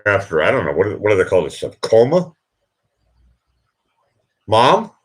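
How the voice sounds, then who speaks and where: A man hosting a late-night live stream, emotional and teary, talking in halting, rambling bursts. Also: sits low, breathy edge. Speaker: livestream host.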